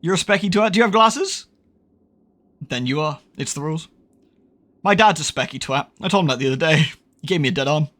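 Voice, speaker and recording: Lively-pitched sweary British streamer. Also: male voice, brisk, long pauses. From United Kingdom. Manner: rambling, self-correcting, sweary, laughs a lot. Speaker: game streamer. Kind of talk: casual livestream chat.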